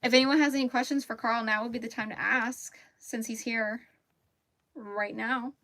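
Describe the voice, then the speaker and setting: A woman's voice: on the high side, fairly even intonation, moderate pace, a bit bright. A woman from Mississippi, hosting a casual crochet livestream and chatting with easy laughs and rambling asides. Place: home closet.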